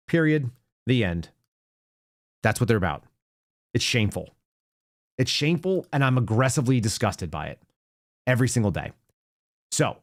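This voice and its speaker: A man's voice: mid-range voice, no echo, clean studio sound. A man hosting a political commentary show, ranting with sarcastic asides. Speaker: show host.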